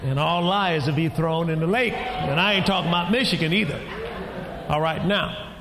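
A pastor preaching a sermon in a church, swinging between quiet storytelling and shouted emphasis. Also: male voice, a little high, moderate pace, a crowd in the background, background noise. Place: large church hall. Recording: reverberant church hall.

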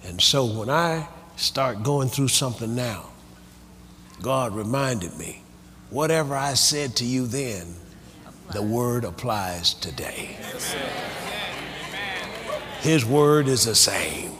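A man's voice: mid-range voice, takes it slowly, pauses often, big-room sound. A man preaching a sermon, leading the congregation in call-and-response. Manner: lively, call-and-response preaching with quoted voices.

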